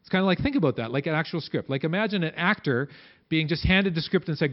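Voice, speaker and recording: A man preaching a sermon in a conversational way, acting out quotes with big swings in pitch and loudness. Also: expressive, fast talker, highs cut off. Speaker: pastor.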